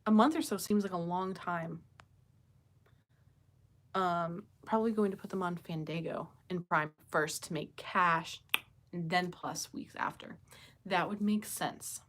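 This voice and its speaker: A woman's voice: fairly low pitch, steady tone, unhurried. A woman hosting a casual live chat from home, thinking aloud and reading out viewers' comments, with many fillers and questions to her viewers. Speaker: livestream host chatting with viewers. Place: home with pets nearby.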